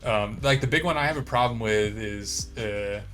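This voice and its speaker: A man's voice: on the low side, normal speed, a bit bright, faint music behind. An American man co-hosting a podcast, talking casually and rambling with lots of fillers. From United States. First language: English. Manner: rambling, lots of likes and you-knows. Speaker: podcast co-host. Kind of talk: casual chat.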